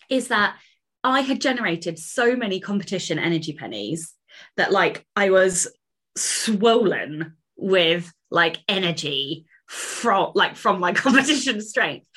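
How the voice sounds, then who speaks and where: A woman co-hosting a podcast in casual chat, animated, swearing freely and trailing off into fillers. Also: mid-range voice, slightly rough. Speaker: podcast co-host.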